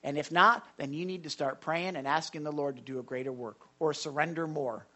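A pastor preaching a sermon, emphatic, often urging the listeners to listen and reading scripture aloud. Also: a little fast. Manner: rises and falls sharply in pitch and loudness.

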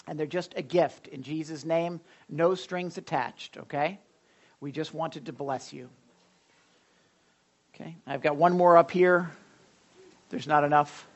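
Chatty pastor making church announcements. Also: male voice, a little high, measured pace, pauses often, lo-fi sound. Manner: chatty, rambling, self-deprecating, frequent fillers. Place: church sanctuary during a service.

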